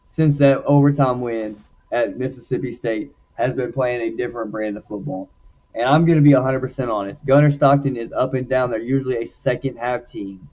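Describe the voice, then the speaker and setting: A man in a casual sports chat, lively and talkative as he makes his picks. His voice sits in a middle register. The sound is a little dull and lo-fi. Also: mid-range voice. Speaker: podcast co-host.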